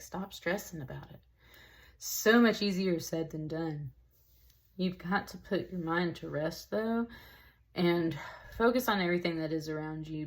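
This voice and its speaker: Low-voiced woman giving a rambling tarot reading. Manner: rambling, emotional, says "y'all" and "like" often. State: tearful. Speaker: tarot reader. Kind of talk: casual spoken tarot reading.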